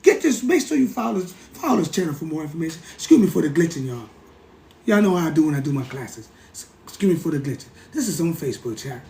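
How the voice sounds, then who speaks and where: A man hosting a livestream, lecturing in a casual, animated way, repeating himself and talking straight to his chat. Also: a little high, fast talker, creaky, reverberant. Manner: animated, repetitive, keeps addressing the chat. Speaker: livestream host.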